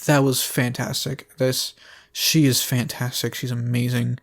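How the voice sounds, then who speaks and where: A young man giving excitable, profane reaction commentary while watching a film. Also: mid-range voice, unhurried, gravelly. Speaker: movie reviewer.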